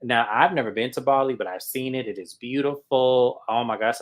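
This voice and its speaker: Male recap co-host, animated storyteller, mid pitch, casual. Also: a little fast, hardly any pauses. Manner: animated storyteller who acts out quotes.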